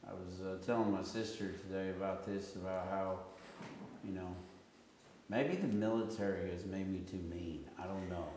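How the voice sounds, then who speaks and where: A man leading a casual group discussion, telling a story with lively, halting restarts. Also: deep voice, slight background noise. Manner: animated storytelling, often restarts sentences. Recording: echoey room with long reverb.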